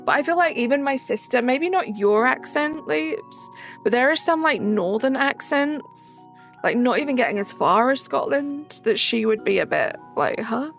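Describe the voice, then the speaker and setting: A woman's voice: sits high, lively intonation, normal speed, creaky, fairly bright tone, soft background music. A young woman streaming a game, chatting casually and answering chat messages aloud.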